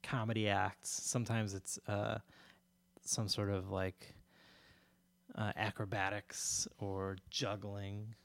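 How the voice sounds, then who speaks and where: A man's voice: fairly low pitch, level tone, slow, gravelly, no echo. A man chatting casually as a podcast co-host, telling a story in a rambling way with many fillers and restarts, laughing often.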